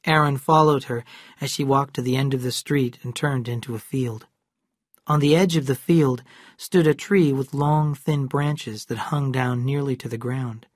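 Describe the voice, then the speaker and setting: A narrator reading a classic novel aloud in slow, clear, evenly paced English for learners. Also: mid-range voice, dry recording, clean studio sound.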